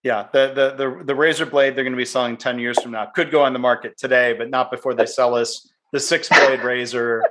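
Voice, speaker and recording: A man's voice: mid-range voice, fairly even intonation, fairly quick, few pauses, background noise. A middle-aged man hosting a podcast interview, chatty and easygoing, often restarting his words and laughing lightly. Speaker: podcast host. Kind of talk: conversational interview.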